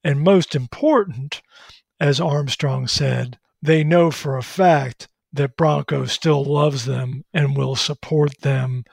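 A man analyzing college football in a measured way on a sports talk show, citing details and history. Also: medium pitch, vocal fry, breathy edge, no echo, studio quality.

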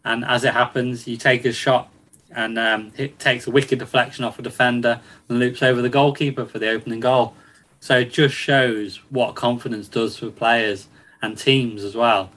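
A man's voice: medium pitch, fairly even intonation, normal speed, a bit bright, low-quality recording. A man chatting casually about football on a podcast, with many ums and restarts and frequent laughs. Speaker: football reporter.

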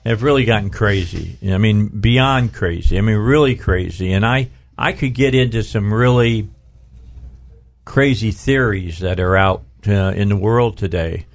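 A man's voice: lowish voice, unhurried. A middle-aged man hosting a talk radio show from his studio, rambling and restarting his sentences, stretching out words for emphasis.

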